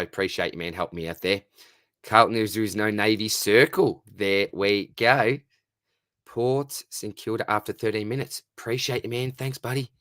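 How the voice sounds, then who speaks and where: A man's voice: medium pitch, fairly bright tone, no room sound. A man in his thirties with an Australian accent, hosting a casual live Q&A, chatty and matey, answering viewer comments. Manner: chatty, matey, calls everyone mate. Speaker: fantasy football livestream host.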